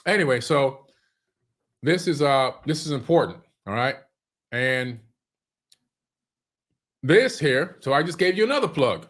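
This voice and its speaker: A man giving casual business advice at home, talking loosely with restarts and clearing his irritated throat. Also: medium pitch, animated, unhurried, pauses often, a bit bright. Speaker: online business coach. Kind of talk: casual monologue. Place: home room.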